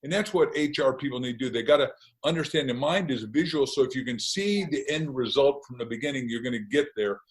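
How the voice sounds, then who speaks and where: A man's voice: medium pitch, quick pace, low-quality recording. A man chatting as a guest author, telling stories in a jokey, rambling way. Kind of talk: casual interview chat.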